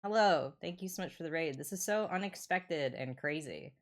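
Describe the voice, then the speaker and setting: Low-voiced, chatty woman streamer. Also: expressive, normal speed. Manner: chatty, joking, swearing. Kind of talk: casual livestream chat.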